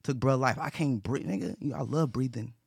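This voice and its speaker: A man's voice: medium pitch, a little fast, creaky, a little mellow, slightly rough, no room sound, clean studio sound. A man talking earnestly in casual conversation, repeating himself and restarting his sentences. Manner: earnest, repetitive, with frequent restarts and profanity. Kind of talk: casual talk.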